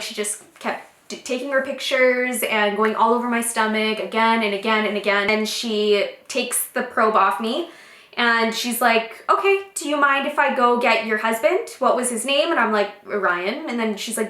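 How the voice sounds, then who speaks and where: A young pregnant woman vlogging a casual story, emotional and pausing often for deep breaths. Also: fairly even intonation, a bit bright. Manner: emotional, breathy pauses, many fillers. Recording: echoey room.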